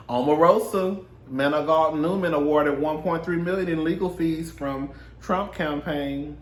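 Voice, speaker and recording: A man's voice: on the high side, lively intonation, measured pace, few pauses, reverberant. A man doing a casual celebrity gossip monologue, sassy and laughing often, calling listeners girl and honey. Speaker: gossip commentator.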